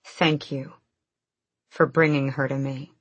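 A woman's voice: very deep voice, level tone, takes it slowly, husky, dry recording, exaggerated voice. A woman reading the lines of a bold, teasing young queen in a playful, confident manner, in an audiobook. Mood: firm.

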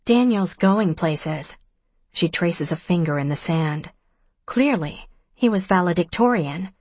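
A woman's voice: fairly low pitch, no room sound. A woman narrating a first-person novel as an audiobook, giving each character a slightly raised voice in dialogue.

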